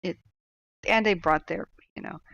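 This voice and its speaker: A woman's voice: fairly low pitch, moderate pace, vocal fry, fairly bright tone. Chatty woman telling a rambling story. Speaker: livestream host. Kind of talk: casual storytelling chat. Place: at home. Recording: dry, slightly dull sound.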